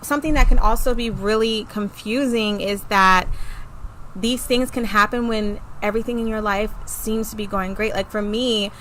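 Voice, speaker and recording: A woman's voice: medium pitch, fairly even intonation, moderate pace, fairly bright tone, a little hiss or hum, poor audio. A young woman co-hosting a podcast, speaking in a thoughtful, affirming way about her own experience. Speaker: podcast co-host. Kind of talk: reflective conversation.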